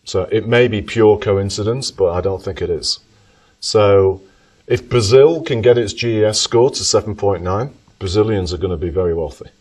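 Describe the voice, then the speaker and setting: In a lecture room, a man delivers an economics talk and takes audience questions, thoughtful and emphatic, often correcting himself mid-thought. His voice sits on the low side with a darkish, breathy edge at a moderate pace, and he's recorded from far off the mic.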